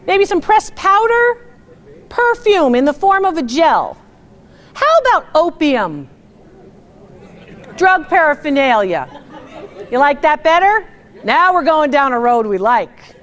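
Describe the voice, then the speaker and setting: Brash, high-voiced woman appraiser teasing audience. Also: big pitch swings, measured pace, long pauses, some chatter behind. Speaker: antiques appraiser. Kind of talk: live comedic appraisal show with audience.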